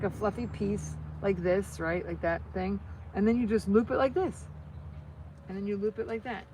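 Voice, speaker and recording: A woman's voice: medium pitch, noisy background. A middle-aged American woman chatting casually to viewers while crafting, rambling, with many restarts. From United States. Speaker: vlogger.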